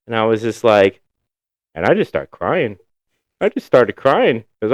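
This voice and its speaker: A man's voice: on the low side, big pitch swings, a little slow, pauses often, no echo, studio quality. A man from Ohio, co-hosting a podcast and telling stories casually, swearing freely. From Ohio, USA. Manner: loose storytelling, swears freely. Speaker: podcast co-host. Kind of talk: casual chat.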